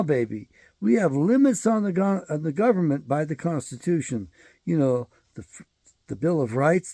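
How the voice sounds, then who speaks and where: A man's voice: on the high side, gravelly, mellow, husky, no echo. A man hosting his own show, delivering a rambling, profane and emphatic solo commentary monologue. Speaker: show host.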